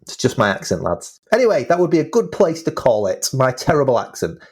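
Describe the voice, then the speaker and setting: A man's voice: mid-range voice, huge pitch swings, a little fast, breathy edge. A man hosting a podcast in casual chat, talking with enthusiasm and often repeating words as he speaks. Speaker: podcast host.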